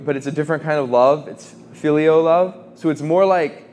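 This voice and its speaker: A man in his twenties giving an informal faith talk to students, conversational, with quick asides and quotes he acts out. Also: on the high side, a little mellow. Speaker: campus ministry speaker.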